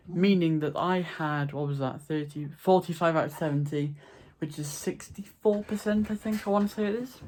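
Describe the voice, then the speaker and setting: A man's voice: fairly high pitch, slight background noise. A young man, chatting casually to camera from his bedroom in a rambling, self-deprecating way. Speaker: vlogger.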